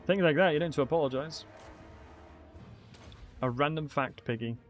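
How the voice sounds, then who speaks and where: A man's voice: a little high, moderate pace, faint music behind. A young man, chatting upbeat with his viewers while commentating a game stream. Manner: chatty, upbeat banter with chat. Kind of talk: casual live-stream commentary.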